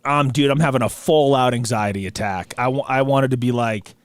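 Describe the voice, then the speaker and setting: Man, podcast host, laid-back story, slangy talk, mid pitch, dry sound. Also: fairly quick, smooth, dry recording. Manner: relaxed, slangy, says dude and bro. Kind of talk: casual storytelling chat.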